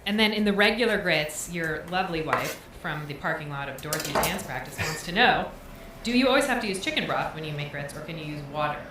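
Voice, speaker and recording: A woman off to the side of a live cooking stream, quickly relaying viewer questions to the chef. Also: deep voice, lively intonation. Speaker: producer reading viewer questions. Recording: distant, roomy kitchen, loud noise.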